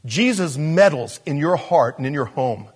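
A man preaching a sermon as pastor, swinging between loud emphasis and quiet asides. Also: on the high side, lively intonation, normal speed, slightly rough.

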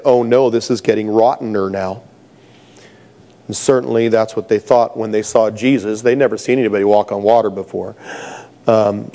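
A man's voice: mid-range voice, warm tone. A middle-aged man preaching a sermon, telling stories with humor and laughing at his own jokes. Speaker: pastor.

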